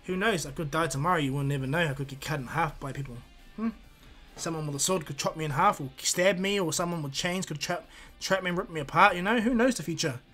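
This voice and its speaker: A man's voice: fairly high pitch, fast talker, fairly bright tone, faint music behind. A man voicing a laid-back grown male ninja teacher with a wry, grumbling way of talking, in a fan story.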